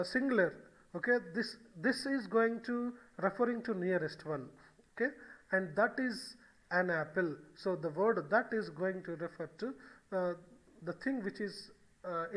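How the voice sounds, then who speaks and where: High-pitched man teaching grammar. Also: measured pace, a bit bright, rough recording. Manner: explanatory, repeats key phrases, frequent "okay" and "so". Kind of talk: recorded video lecture.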